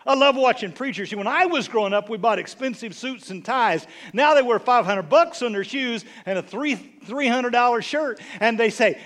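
A man's voice: extremely high pitch, expressive, moderate pace, few pauses, fairly bright tone. A middle-aged man preaching a sermon as a bishop, snarky and conversational, teasing his listeners.

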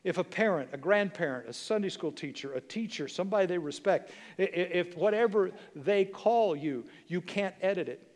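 A man's voice: high-pitched, expressive, moderate pace, few pauses, in a large hall. A man in his sixties preaching a sermon as pastor, emphatic, with repeated phrases and rhetorical questions to the congregation. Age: 60s. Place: church sanctuary.

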